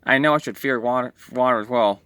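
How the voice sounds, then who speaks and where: A man's voice: mid-range voice, fast talker, bright, forceful tone, smooth, dry recording, natural voice. A man voicing a jittery male robot clown who is frightened of storms, sighing and whining as he talks. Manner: sighing, whiny, easily frightened.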